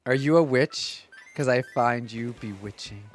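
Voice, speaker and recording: A man's voice: mid-range voice, a little slow. A man streaming a game live, chatting playfully and mocking himself with laughter. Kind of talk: casual live-stream chat.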